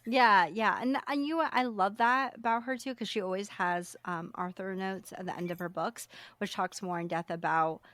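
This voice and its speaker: A young woman co-hosting a book podcast, chatting casually and acting out characters in quick asides. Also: medium pitch, fairly bright tone, no room sound. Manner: chatty, self-deprecating, acts out characters. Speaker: podcast co-host. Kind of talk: casual book review chat.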